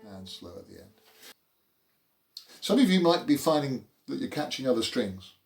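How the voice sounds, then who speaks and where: A man's voice: medium pitch, big pitch swings, normal speed, vocal fry, loud music behind the voice. A man teaching a beginner cello lesson in an informal, explanatory way with dry, self-mocking humour. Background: cello playing between phrases.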